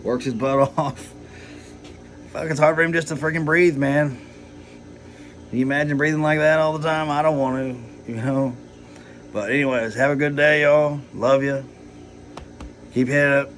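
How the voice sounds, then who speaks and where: A man's voice: a little high, fairly even intonation, normal speed, long pauses, fairly bright tone, soft background music. A man rambling heatedly in a personal vlog, swearing a lot and filling his talk with "like" and "you know". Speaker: vlogger.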